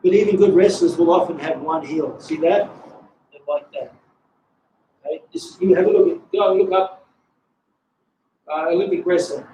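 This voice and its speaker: A man's voice: fairly high pitch, expressive, moderate pace, pauses often, dark tone, lo-fi sound, a little hiss or hum. Older Australian man teaching karate. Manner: conversational, explains with asides and stories. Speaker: karate instructor. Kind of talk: instructional talk.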